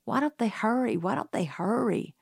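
A woman's voice: medium pitch, lively intonation, a little slow, dry recording, studio quality, lightly acted. A woman reading an audiobook, voicing an anxious, protective boy who speaks urgently and at times drops to a whisper. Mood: worried. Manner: urgent, sometimes hushed to a whisper. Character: anxious Southern boy, protective older brother. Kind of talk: audiobook character voice.

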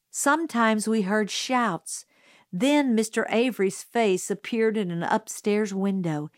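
A woman narrating a novel in the first person, slow and unhurried, on a close studio mic. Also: mid-range voice, no room sound. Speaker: audiobook narrator.

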